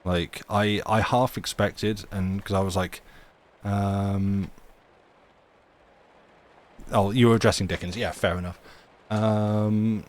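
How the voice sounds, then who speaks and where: A man reading classic stories aloud on a livestream, with measured, dramatic narration and casual chat with viewers. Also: fairly low pitch, flat delivery. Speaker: livestream reader.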